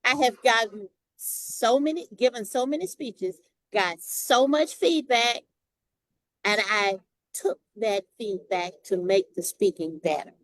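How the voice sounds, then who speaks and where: A woman's voice: a little high, animated, takes it slowly, fairly bright tone, no room sound, low-quality recording. A woman with a Southern Texas accent, a longtime Toastmasters member speaking emphatically in a casual group discussion.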